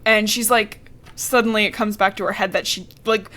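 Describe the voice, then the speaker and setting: On a casual podcast, this co-host recaps a novel with sarcasm and profanity, making fun of what the characters say. Her voice is mid-range and a bit bright, with fairly even intonation and a moderate pace.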